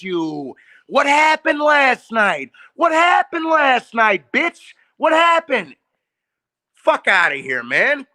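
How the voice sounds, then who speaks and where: High, bright-voiced mocking male boxing co-host. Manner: profane, mocking, jumps into joke voices. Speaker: sports talk show co-host. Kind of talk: hype sports banter.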